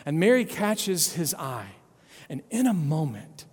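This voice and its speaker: A man preaching a children's sermon, telling a story in a playful, animated way and often checking in with his listeners. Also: on the high side, a little slow, breathy edge, long reverb tail.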